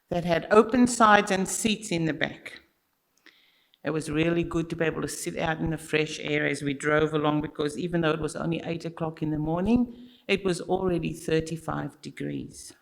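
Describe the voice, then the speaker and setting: Church story time, slow-paced, gravelly, bright tone, expressive, talks straight to listeners. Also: medium pitch, rough recording. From Australia. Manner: unhurried and expressive, addressing listeners directly. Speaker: children's story teller at church. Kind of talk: told story in a church service.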